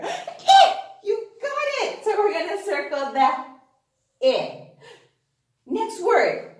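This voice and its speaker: A high, lively woman's voice teaches phonics to small children at a very slow, sing-song pace. She cheers them on and gasps with delight at their answers. The room has a noticeable echo. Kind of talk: phonics lesson for young children.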